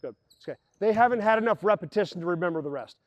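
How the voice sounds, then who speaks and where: Man, basketball coach, high voice, energetic play calls, on-court teaching, ball bounces in the background. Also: racing, highs cut off. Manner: energetic, calls out plays and acts out players' voices. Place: indoor basketball gym.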